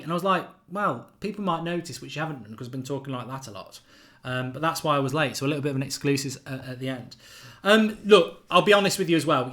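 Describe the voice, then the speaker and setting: A man hosting a football fan channel, giving opinionated predictions in casual live-stream chat, animated and full of fillers. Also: mid-range voice.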